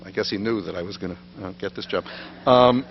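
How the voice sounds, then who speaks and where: A man's voice: fairly low pitch, fairly quick, vocal fry. A middle-aged man, giving a lecture full of anecdotes and self-deprecating humor in a synagogue hall. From New York, USA. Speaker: guest lecturer. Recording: dull lo-fi recording with faint hum.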